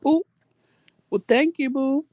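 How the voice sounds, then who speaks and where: A man hosting a casual live chat, answering viewer comments with animated, profane storytelling. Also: very high-pitched, slow pace, no room sound, muffled recording. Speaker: livestream chat host.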